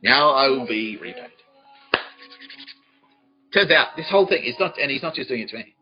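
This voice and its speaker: A man hosting a comedy podcast, rambling and swearing, often laughing, swinging between mumbles and shouts. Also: mid-range voice, lively intonation, moderate pace. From Australia. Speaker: podcast host. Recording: dull lo-fi podcast audio with faint music.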